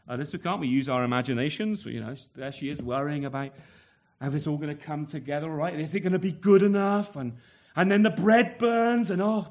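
A man preaching a sermon in a conversational way, asking tag questions and acting out the scene. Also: high-pitched. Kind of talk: expository sermon.

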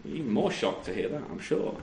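A pastor preaches to his congregation at a church service, using rhetorical tag questions and dry self-deprecating humor, recorded with a roomy echo. His medium-pitched voice is very animated, a little fast, and darkish in tone with vocal fry.

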